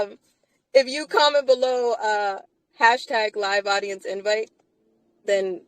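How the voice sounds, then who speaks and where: Woman talking live from her car, mid-pitched, punchy and laughing between lines, no room echo. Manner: emphatic, laughs often between phrases. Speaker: live chat host. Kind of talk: casual live chat. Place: inside a car.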